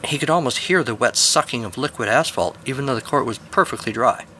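Bright-voiced man narrating a story. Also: mid-range voice, animated, brisk, slight background noise. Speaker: podcast host and storyteller.

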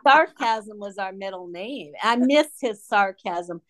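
A woman's voice: medium pitch, expressive, slow, fairly bright tone. Middle-aged woman from Michigan, interview guest; frank, blunt, a touch sardonic, mid-range voice. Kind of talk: candid conversational storytelling.

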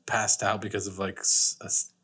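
A man's voice: lowish voice, flat delivery, normal speed, pushed and bright, husky. A man co-hosting a podcast in casual chat, joking and teasing and laughing a lot. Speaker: podcast co-host.

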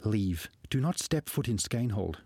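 A man voicing a suspicious, sharp-tongued young woman archer in a storybook reading. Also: fairly low pitch, animated, moderate pace, breathy edge, no echo, clean studio sound, voice pushed up. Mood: wary.

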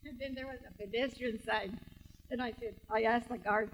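A woman's voice: high-pitched, normal speed, long pauses, a bit bright, big-room sound, slight background noise, low-quality recording. A woman author from California telling stories at a book event, switching between English and Spanish and laughing often. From Salinas, California. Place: bookstore event space.

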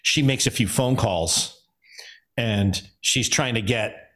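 Male host, mid-range voice, chatty and giggly, thinks out loud. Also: medium pitch, slow. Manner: laughs a lot, exclaims, explains at length. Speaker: podcast host. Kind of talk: casual chat.

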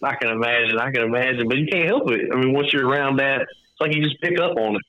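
A man's voice: medium pitch, fast talker, bright, forceful tone. A man from the Southern US with a Southern accent, a guest talking in easygoing, filler-heavy casual chat. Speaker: guest, video creator. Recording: muffled lo-fi audio.

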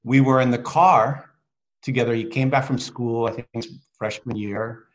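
Middle-aged man, interview guest on a video call; earnest, halting storyteller, mid-pitched. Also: steady tone, highs cut off. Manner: halting, many restarts and fillers, earnest.

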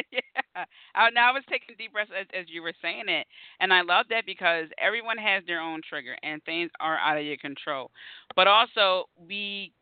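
A man's voice: high voice, normal speed, clear, resonant tone, no room sound. A man hosting a casual conversation, telling stories animatedly and acting out his own reactions. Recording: tinny phone-like line.

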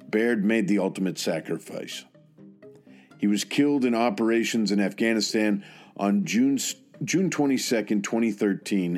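A man with a fairly low voice gives scripted narration, earnest and measured. His delivery stays solemn and steady, with an occasional hesitant aside. Faint music plays behind him. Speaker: narrator of a soldier tribute.

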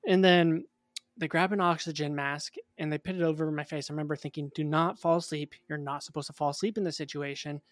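A young man in his twenties, a guest in an interview, telling a personal story in a casual, animated way. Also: fairly high pitch, fast, no echo.

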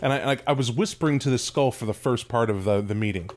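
A man's voice: medium pitch, quick pace, a little mellow. Laughing man telling an anecdote. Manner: laughing anecdote teller, swears casually. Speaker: podcast co-host. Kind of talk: casual chat.

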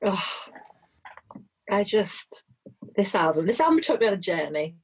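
A woman's voice: medium pitch, very animated, measured pace, slight background noise, rough recording. A woman guest on a podcast, a saxophone player, talking earnestly in casual chat and searching for her words.

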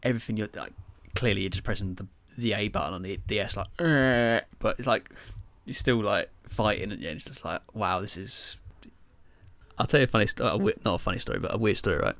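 A man's voice: on the low side, fast, creaky, a bit bright, dry recording. A young man chatting casually as a podcast co-host, telling a rambling story full of fillers and swearing.

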